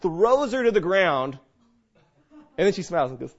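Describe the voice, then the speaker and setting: Middle-aged man, pastor, high voice, animated storyteller with loud and hushed swings, dull lo-fi recording. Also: moderate pace. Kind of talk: sermon. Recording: dull lo-fi sound.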